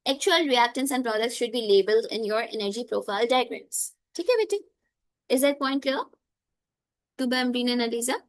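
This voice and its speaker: A woman teaches a live online chemistry class. Her voice sits fairly high, and she keeps checking in with "okay?" and calls on students by name. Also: fairly quick.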